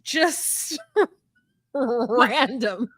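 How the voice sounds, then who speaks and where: A woman's voice: drawn-out words, husky, no room sound. A woman co-hosting a casual recap chat, telling the story animatedly and acting out quotes. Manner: animated storyteller, acts out quotes in high voices. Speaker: podcast co-host.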